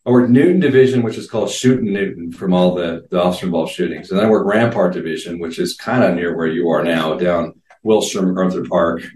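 A man in his fifties tells earnest, vivid stories in casual conversation, often restarting his sentences. His voice sits very low. He sounds set back from the microphone in a roomy, echoing space. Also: a little fast, few pauses, darkish tone. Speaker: interview guest. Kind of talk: casual storytelling. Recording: roomy sound, distant from mic.

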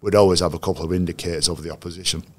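A deep-voiced coach, very low in pitch, reminisces about his players in an unhurried, anecdotal interview, restarting sentences as he works through his thoughts. His tone stays steady, with a little hiss or hum underneath.

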